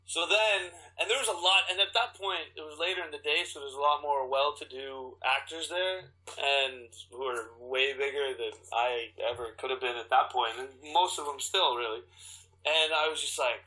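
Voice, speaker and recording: A man, an actor, telling stories in a casual interview, animated and full of restarts as he acts out his own quotes. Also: medium pitch, normal speed, poor audio. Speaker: actor guest.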